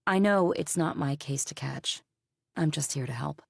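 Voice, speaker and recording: A woman's voice: deep voice, moderate pace, creaky, darkish tone, breathy edge, no echo, clean studio sound, exaggerated voice. A woman voicing a composed female police detective in an audiobook, polite and conciliatory.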